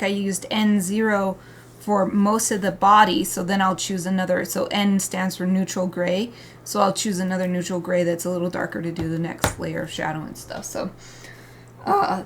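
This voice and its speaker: Slight background noise accompanies a woman's mid-range voice as she live-streams herself drawing. Cheerful and talkative, she greets viewers warmly, laughs often, and casually explains each coloring step while working.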